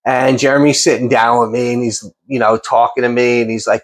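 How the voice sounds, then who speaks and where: A man's voice: medium pitch, brisk. A man, hosting a casual interview and telling long stories with many restarts. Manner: rambling, animated storyteller with many restarts. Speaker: podcast host and chef.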